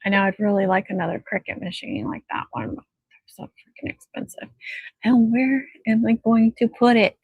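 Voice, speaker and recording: A woman's voice: medium pitch, dry recording, phone-quality sound. Chatty woman streaming crafts at home. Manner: rambling, chatty, talks to her dog. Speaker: craft livestream host. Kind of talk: casual chat on a livestream.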